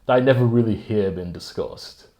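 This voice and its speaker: A man's voice: on the low side, moderate pace, dark tone. A man hosting a solo podcast, rambling casually in a self-mocking way and chuckling at himself, speaking into a desk mic at home. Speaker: podcast host. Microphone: desk microphone.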